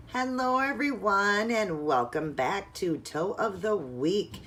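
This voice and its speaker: A woman's voice: mid-range voice, lively intonation, takes it slowly, hardly any pauses, fairly bright tone, a little hiss or hum. A woman narrating a casual, step-by-step nail art tutorial at home in a chatty, instructive way.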